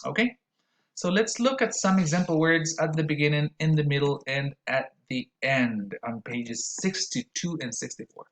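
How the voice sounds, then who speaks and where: A man teaching an English pronunciation lesson, explaining carefully and modeling words with deliberately exaggerated vowels. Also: fairly high pitch, fairly bright tone, rough recording. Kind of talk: recorded lesson.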